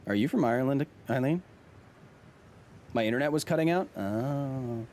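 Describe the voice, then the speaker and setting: Playful streamer man, lively pitch. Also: moderate pace, pauses often. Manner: playful, jokey, chatting with viewers. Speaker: gaming streamer and host. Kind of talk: live game stream commentary.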